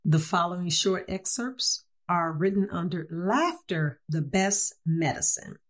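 A woman's voice: fairly low pitch, animated, unhurried. A woman reading humorous excerpts aloud, chuckling at the jokes she reads.

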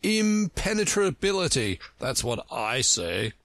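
A man reading a storybook aloud, voicing a pompous, scornful know-it-all who speaks in a lively, lilting way. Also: mid-range voice, slow, dry recording, pitched above the performer's own voice, full character voice.

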